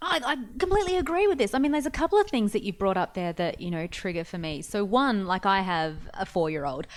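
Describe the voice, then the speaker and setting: A woman's voice: medium pitch, expressive, fast. A woman, a guest on a podcast, chatting animatedly and laughing easily. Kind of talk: casual podcast conversation.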